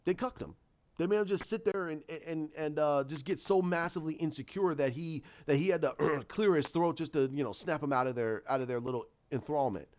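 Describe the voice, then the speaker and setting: A man giving a casual, animated review of a TV episode, ranting, swearing and acting out the characters' lines. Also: on the high side, a little fast, highs cut off. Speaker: YouTube show reviewer.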